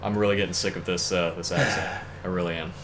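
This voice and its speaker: A man's voice: deep voice, little pitch movement, quick pace, a bit bright, slight background noise. A young man co-hosting a let's play, chatting casually and wryly, often exasperated and laughing. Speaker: co-host. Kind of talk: casual gameplay chat.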